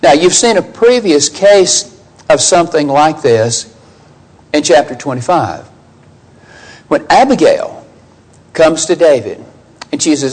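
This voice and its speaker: A man's voice: big pitch swings, a little slow, pauses often, darkish tone, husky, poor audio. A man teaching through a Bible passage verse by verse, asking rhetorical questions and acting out the quoted lines. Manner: conversational, asks listeners rhetorical questions; acts out quoted lines with raised pitch.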